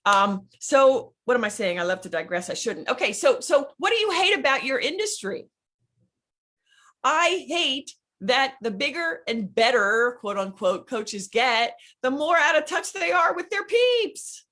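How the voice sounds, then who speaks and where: Animated Philly woman coaching, lively pitch. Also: a little slow. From Philadelphia, USA. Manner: animated, digressive, emphatic, talks straight to listeners. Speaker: business coach. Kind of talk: teaching a live business workshop.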